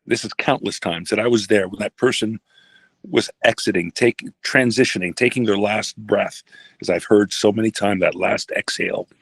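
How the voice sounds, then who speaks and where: An older man, a retired pastor, telling a personal story in a halting, reflective way with many restarts. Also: on the low side, vocal fry, a bit bright, slightly rough, no echo.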